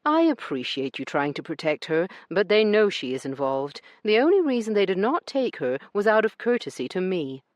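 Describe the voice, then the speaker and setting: A man's voice: sits high, big pitch swings, moderate pace, hardly any pauses, no echo, pitched above the performer's own voice. A man voicing a cold, haughty aristocratic duke who speaks in a cool, clipped way.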